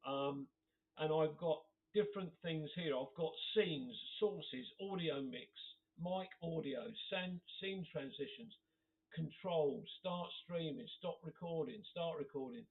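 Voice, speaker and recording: A man streams live and talks casually to his viewers, laughing a lot as he reads their comments aloud. His voice is on the high side and unhurried, with an occasional cough. The audio sounds tinny, like it's coming through a phone.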